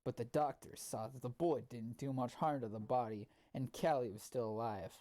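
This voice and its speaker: A man's voice: mid-range voice, fairly even intonation, normal speed, warm tone. A man reading fan fiction aloud with sardonic asides, often stumbling over the text. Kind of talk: comedic dramatic reading with asides.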